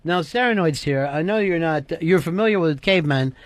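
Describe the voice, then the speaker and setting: A man's voice: a little high, animated, a little fast, dry recording. A man hosting a radio show, teasing guests with provocative jokes in casual banter.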